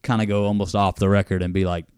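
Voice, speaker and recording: A man's voice: on the low side, level tone, quick pace, darkish tone, clear, resonant tone, dry recording, clean studio sound. A man co-hosting a podcast in casual chat, laid-back and often chiming in to agree.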